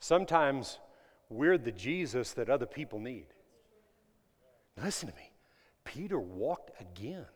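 A man preaching a sermon to his congregation, swinging between loud emphatic lines and hushed ones and asking them questions. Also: mid-range voice, sing-song, a little slow, pauses often. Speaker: pastor. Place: church sanctuary. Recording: long reverb of a large hall.

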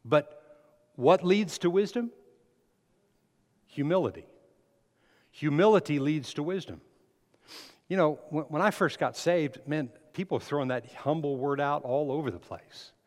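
A man's voice: a little high, fairly bright tone. A man preaching a sermon, asking the congregation questions and building emphasis as he speaks. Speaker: pastor. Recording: long hall reverb.

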